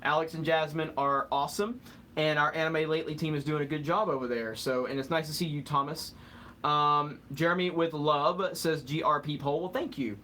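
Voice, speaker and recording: A man's voice: a little high, fairly even intonation, normal speed, bright, forceful tone, a little hiss or hum. Joking man reading live chat. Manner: joking, rambling, fumbles over words. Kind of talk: casual live stream chat.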